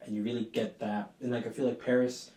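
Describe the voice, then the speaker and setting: A young man hosting a podcast in casual chat, relaxed and filler-heavy. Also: medium pitch, fast talker. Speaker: podcast host. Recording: roomy and distant with faint noise.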